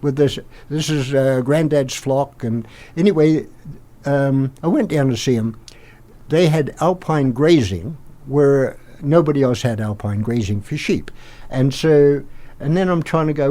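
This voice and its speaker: An older Australian man, a podcast guest, rambling through an animated anecdote and acting out the quotes. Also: mid-range voice, a little slow. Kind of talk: anecdotal storytelling.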